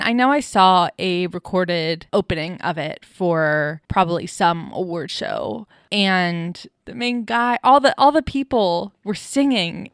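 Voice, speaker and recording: With a mid-range voice recorded at studio quality and without echo, this woman co-hosts a podcast in a casual chat. She keeps interjecting with dry, teasing jabs aimed at her co-host.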